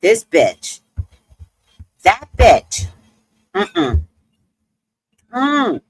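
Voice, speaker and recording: A woman's voice: mid-range voice, wildly swooping pitch, very slow, slightly rough, dry recording, poor audio. A woman telling a comedic story in a monologue, acting out the people she quotes and swearing freely.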